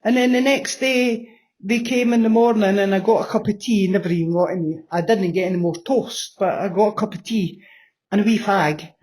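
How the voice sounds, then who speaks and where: A woman's voice: mid-range voice, a little fast, a little mellow. A woman in her sixties giving a blunt personal testimony in an interview, swearing freely and repeating phrases for emphasis. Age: 60s. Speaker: interview guest.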